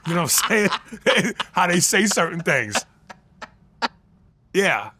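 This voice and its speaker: A man comedian in a casual interview, talking loud and profane and slipping into accent impressions. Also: high-pitched, very animated, slow, slightly rough, no echo. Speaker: comedian guest.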